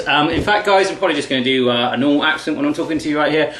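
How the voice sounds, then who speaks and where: A man's voice: on the high side, very fast, hardly any pauses, a bit bright, reverberant, a little hiss or hum. A man hosting a cooking show, chatty, jokey and playful as he cooks in a home kitchen into a camera on a tripod. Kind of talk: casual cooking demonstration.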